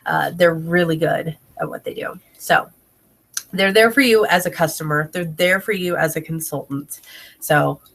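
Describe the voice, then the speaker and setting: A woman's voice: low voice, normal speed, gravelly, a bit bright. Chatty congested woman laughing through a story. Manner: chatty, laughs often, talks to her child between sentences. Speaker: direct sales consultant. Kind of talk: casual video tutorial. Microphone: camera mic, talking to camera.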